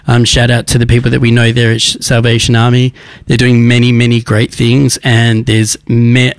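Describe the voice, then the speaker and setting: A man hosts a talk show, talking earnestly about recovery and tripping over his own sentences as he goes. His voice sits at an ordinary pitch for a man. The recording is dry, with no room sound around him. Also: no room sound. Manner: earnest, rambling with many restarts. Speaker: radio show host. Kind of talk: casual recovery advice talk.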